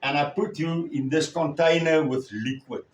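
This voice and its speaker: A man preaching a sermon as a story, with a slow, halting delivery and many pauses. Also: a little high, fairly even intonation. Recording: echoey room, far from the mic.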